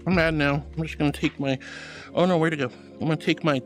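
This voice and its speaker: A woman's voice: low-pitched, steady tone, fast, faint music behind. A woman streamer chatting casually with her viewers, playful and melodramatic, with frequent giggles. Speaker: VTuber streamer. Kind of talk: casual livestream chat reading messages.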